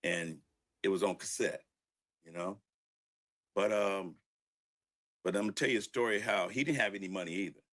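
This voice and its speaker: An older man, a record producer, telling stories from his early studio days in a relaxed interview, laughing and acting out what people said. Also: low voice, normal speed, pauses often. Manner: laid-back storyteller who laughs and acts out quotes. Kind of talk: storytelling interview.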